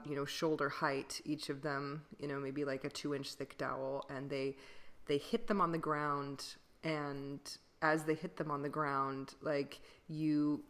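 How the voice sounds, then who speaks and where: A woman's voice: low voice, a bit bright. A woman who sings classical music, co-hosting a podcast in casual chat, rambling with fillers and laughing often. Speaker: podcast co-host, classical singer.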